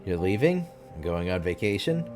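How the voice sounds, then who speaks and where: A businesslike male police inspector with a low voice, as a man reads him out. He speaks formally, with faint game music behind. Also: very animated, moderate pace.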